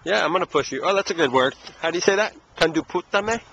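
A man's voice: fairly high pitch, lively intonation, quick pace, gravelly, fairly bright tone. A man teaching a casual language lesson outdoors at a playground, asking patient, coaxing questions. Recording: noisy outdoor camera audio.

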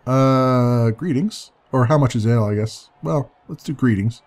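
Narrating a let's play, a man reads a text adventure aloud and muses over his choices, hesitant and chuckling now and then. His medium-pitched voice is a little slow with a darkish tone.

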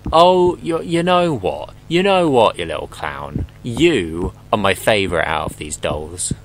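A man's voice: lowish voice, very animated, measured pace, hardly any pauses, rough recording. A young man commentating his horror gameplay, rambling and joking, swearing often and talking back to the game.

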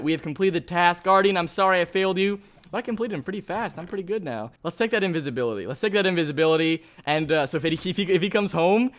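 An excitable man with a fairly high voice narrates his game as he plays. He talks in a chatty, think-aloud way, hosting a let's play video. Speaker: gaming video host.

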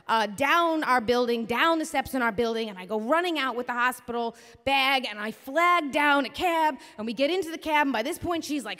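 A woman hosting a live storytelling show and telling a story on stage into a microphone, in an animated, comic, blunt and profane way. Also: high voice. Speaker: storyteller and host. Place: theater stage before a live audience. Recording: reverberant live theater hall.

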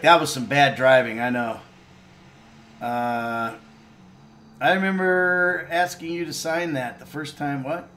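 A man's voice: mid-range voice, a bit bright. A middle-aged man casually chatting while playing a video game on stream, reading viewer comments and joking around. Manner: laid-back, chatty, laughs and swears freely. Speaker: actor streaming a game playthrough.

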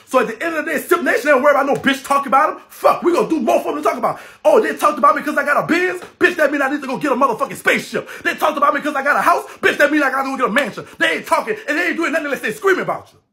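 Broadcasting from his phone, a brash, high-voiced man from New Orleans, Louisiana, hosts a profane livestream rant. He is loud and expressive, laughing and swearing constantly as he speaks very fast with few pauses.

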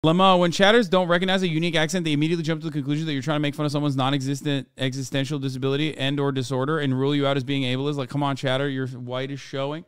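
A man's voice: fairly high pitch, level tone, very fast, hardly any pauses, clear, resonant tone, no room sound, studio quality. A man streaming live and reacting with profane, incredulous, joking commentary. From United States.

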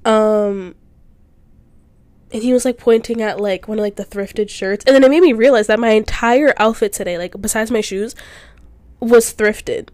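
A woman's voice: a little high, normal speed, darkish tone, no room sound. Young woman, podcast host, sick voice, rambling chatter, dry small room. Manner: rambling, filler-heavy, self-deprecating. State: sick, congested. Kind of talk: casual solo podcast chat.

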